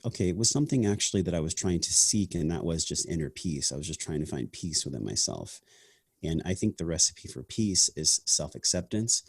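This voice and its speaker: A man's voice: deep voice, gravelly, darkish tone, husky, no room sound, clean studio sound. A man hosting a podcast, speaking in a reflective, earnest and casual way, often saying "man" and "like". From half Sicilian family heritage. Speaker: podcast host. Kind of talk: casual conversation.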